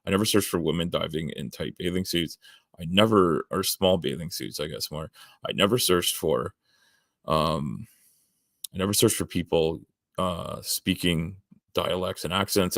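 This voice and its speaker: A man's voice: low voice, vocal fry, a bit bright, no room sound, clean studio sound. A middle-aged man with a Southern Ontario accent, a livestreamer rambling as he thinks aloud and answers his chat. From Canada. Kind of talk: casual chat.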